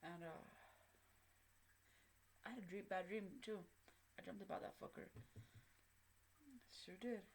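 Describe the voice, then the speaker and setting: An older woman telling a personal story in a casual vlog, soft-spoken and profane, with many fillers. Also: medium pitch, a little slow, long pauses, slight background noise. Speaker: vlogger.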